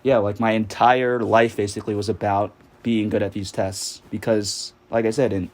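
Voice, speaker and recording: A New York vlogger in his twenties talks at normal speed in a lowish, flat voice. While playing a game, he rambles casually through a story, full of fillers and swearing.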